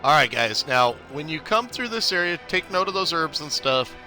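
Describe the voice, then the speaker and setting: This young man's fairly high voice is very animated, bright, and forceful, moving at a moderate pace over faint music. Live-streaming a video game, he chats upbeat and casually, naming viewers as he greets them and giving tips.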